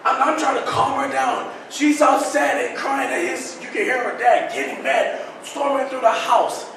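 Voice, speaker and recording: A young man with a very high voice does stand-up and tells a rambling story that pokes fun at himself. His voice is bright. The mic is distant, so the club room echoes heavily around him. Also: gravelly, slight background noise. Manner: rambling, self-deprecating delivery. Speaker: stand-up comedian. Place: small comedy club. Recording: roomy club sound from a far mic.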